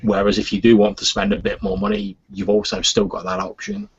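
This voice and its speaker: A man's voice: medium pitch, sing-song, a little fast, creaky, noisy background. A man talking in a rambling, casual way on a podcast, full of "sort of" and fillers. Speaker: podcast host. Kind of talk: casual chat. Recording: dull lo-fi podcast audio.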